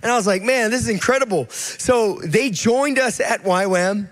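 A high-pitched man in his thirties preaches in a casual, storytelling way, acting out the people he quotes. His voice carries a long reverb from the church hall around him. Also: moderate pace. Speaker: guest preacher. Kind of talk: sermon.

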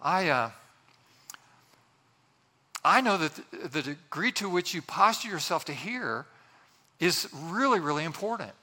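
A man's voice: fairly high pitch, big pitch swings, a little slow, pauses often, bright, forceful tone, long reverb tail. A man preaching a sermon as pastor, earnest and conversational, often restarting his sentences.

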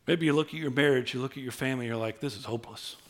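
A man preaching a sermon, swinging from low, intimate tones to high, excited outbursts. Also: rapid-fire. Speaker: pastor.

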